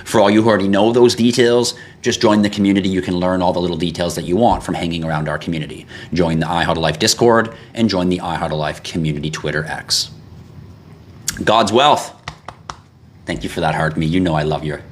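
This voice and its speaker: A man's voice: sits low, a little fast, slight background noise. A man hosting a live stream, reading out viewer questions and answering them bluntly, with lots of swearing. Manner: blunt and profane, gets irritated and animated. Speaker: livestream host. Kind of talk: casual livestream chat reading comments.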